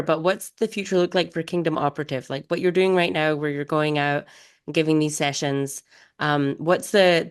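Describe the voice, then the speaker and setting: A woman hosting a casual podcast interview, her voice low for a woman. She encourages her guest and asks loose, friendly questions. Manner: encouraging, soft backchannels. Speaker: podcast host.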